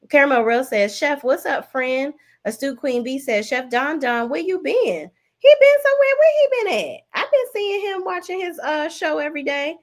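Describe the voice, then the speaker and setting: Casual streamer woman, animated, says y'all and child a lot, chatty and loose. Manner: animated, swoops high when thanking viewers; chatty, Southern-tinged slang like y'all and child. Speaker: live-stream host reading chat. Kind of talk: casual live-stream chat.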